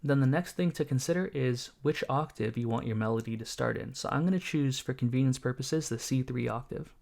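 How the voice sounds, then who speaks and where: A man teaching music production basics in a calm, methodical tutorial, explaining each step. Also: mid-range voice, a little fast, creaky. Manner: calm, methodical, walks through each step while playing examples.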